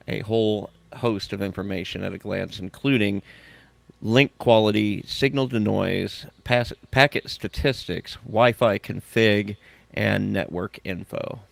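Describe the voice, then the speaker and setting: A man's voice: fairly low pitch, creaky, no room sound. A man hosting a podcast, chatting and joking, then reading tech news items aloud. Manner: joking, self-mocking, reads items aloud. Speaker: podcast host.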